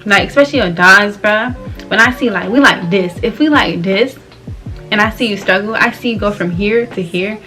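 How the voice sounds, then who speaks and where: Brief: twenties woman from Florida, casual vlog chat, bright voice, faint music under her. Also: mid-range voice, moderate pace. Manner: loose, candid, slangy, laughs often. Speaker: vlogger. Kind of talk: casual chat while doing her hair.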